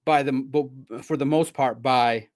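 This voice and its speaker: A man hosting a live sports talk stream, talking straight to his viewers in a playful, animated way. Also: medium pitch, a little slow.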